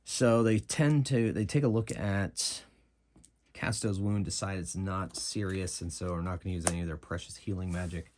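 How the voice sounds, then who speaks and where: A man's voice: low voice, moderate pace, darkish tone. A man narrating a solo tabletop game as game master, in a casual manner that thinks aloud.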